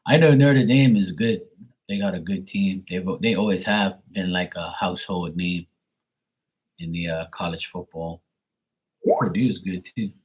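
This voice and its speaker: A man's voice: low voice, a little mellow, husky. A Bermudian man in his thirties chatting casually and rambling on a live stream, with some swearing.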